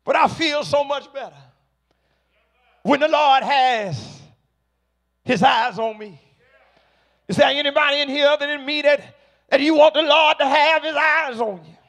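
Man preaching, very high voice, slow deliberate delivery, shouted emphatic peaks. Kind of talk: sermon.

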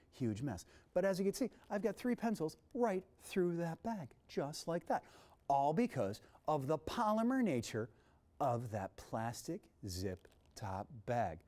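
Hosting a science demo for kids on a TV set, a man plays it big and energetic, his voice leaping up and down in both pitch and loudness.

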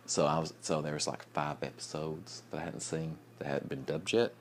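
A young man chatting casually in a late-night vlog, sleepy and yawning, rambling with restarts and soft chuckles. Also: extremely low pitch, fairly even intonation, moderate pace, a little hiss or hum. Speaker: vlogger.

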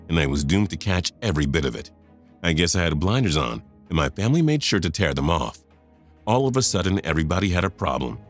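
A man in his fifties narrating a first-person story, confiding and talking straight to the listener. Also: deep voice.

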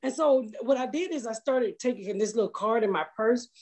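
A brash woman comic swapping crude stories in loose podcast banter. Her voice has a husky grain. She jumps into little acted-out quotes as she goes. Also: fairly high pitch, expressive, brisk, darkish tone. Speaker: comedian host. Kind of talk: casual podcast chat.

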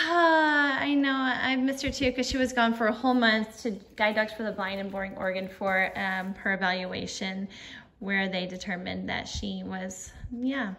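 A woman's voice: medium pitch, steady tone, normal speed, a bit bright. A middle-aged woman chatting casually to her phone camera in her living room, cooing in baby-talk to her dog between remarks to viewers. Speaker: vlogger. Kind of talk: casual chat. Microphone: phone camera in landscape mode.

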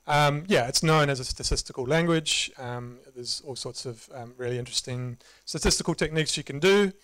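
A man with a New Zealand accent giving a relaxed, conversational conference talk with self-deprecating humor. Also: medium pitch, brisk, clean tone, dry recording, low-quality recording. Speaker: conference presenter. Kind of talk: casual live tech talk. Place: meetup presentation room.

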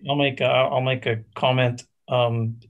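A man's voice: medium pitch, flat delivery, measured pace, narrow, tinny audio. A man professor on a university panel, folksy and wry, with hesitant restarts. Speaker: chemical engineering professor, panelist. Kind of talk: panel discussion.

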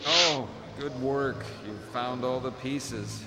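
A man voicing a downbeat adult male robot mentor in a video game, slowly giving instructions. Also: medium pitch. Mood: glum. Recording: long reverb, loud game music. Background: game music.

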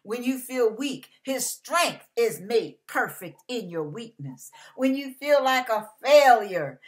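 High-voiced woman preaching slowly and fervently. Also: a bit bright. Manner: fervent, emotional, slow and emphatic. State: tearful at times. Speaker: devotional speaker. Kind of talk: emotional devotional sermon.

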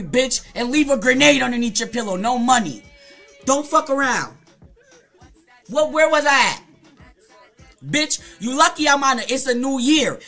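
A woman on a live stream, swearing hard at a commenter between bits of a long story. Her voice is bright and sharp, and she talks with heat and attitude. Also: high voice. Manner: profane, heated, confrontational with chat. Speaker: Twitch streamer.

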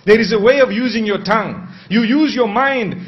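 High-voiced male preacher, dull recording. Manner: measured, asks rhetorical questions and answers them. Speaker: Islamic preacher. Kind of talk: sermon.

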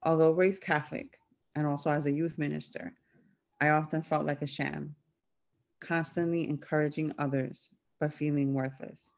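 Woman, devotional reader; gravelly and flat, hesitant with fillers. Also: low voice, moderate pace, highs cut off. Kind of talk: reading a personal devotional.

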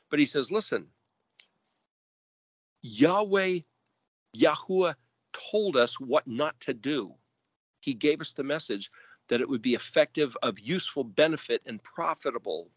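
Slow, deliberate male Bible teacher. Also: medium pitch, no room sound. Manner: spells out Hebrew letters and word roots deliberately; emphatic rises on commands. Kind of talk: verse-by-verse scripture study.

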